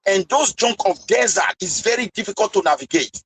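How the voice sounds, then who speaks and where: A man's voice: sits high, expressive, fairly quick, fairly bright tone, a little hiss or hum, poor audio. A man in a casual discussion, arguing passionately and firing off rhetorical questions.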